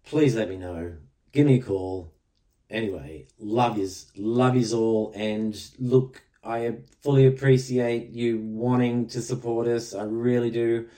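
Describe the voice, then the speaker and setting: A man's voice: mid-range voice, steady tone, measured pace, warm tone. An Australian man hosting his own podcast, talking in a direct, plain-spoken and conversational way. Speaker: podcast host. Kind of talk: earnest spoken commentary.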